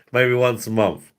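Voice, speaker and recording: A man's voice: medium pitch, clean tone. A man, hosting a drinks review livestream in a rambling, profane, laughing way. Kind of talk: casual livestream chat.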